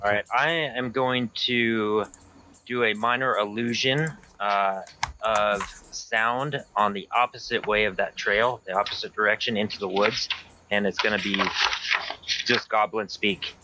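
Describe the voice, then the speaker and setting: A man's voice: on the low side, steady tone, unhurried, noisy background. A man playing in a tabletop game, casually describing what his character does. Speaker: player.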